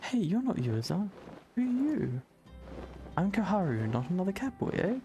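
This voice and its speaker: A man's voice: high-pitched, sing-song, normal speed, warm tone, soft background music, pitched above the performer's own voice. A man voicing a cheeky nosy kid. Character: cheeky, curious young child.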